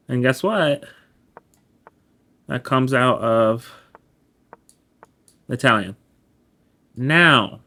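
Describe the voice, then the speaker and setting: Male chess streamer, casual study commentary, slow drawn-out delivery, self-correcting. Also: mid-range voice, sharp tone. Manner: laid-back, explains as he goes, self-correcting.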